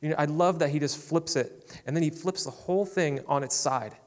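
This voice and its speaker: A man's voice: fairly high pitch, brisk, a little mellow. Casual male pastor in a reverberant hall. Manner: casual, conversational preaching with frequent "man" and "I love". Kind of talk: sermon. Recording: long reverb of a large hall.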